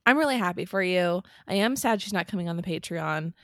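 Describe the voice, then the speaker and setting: A woman's voice: fairly low pitch, animated, brisk, no echo, studio quality. A woman co-hosting a podcast, chatting casually and reacting to her co-host.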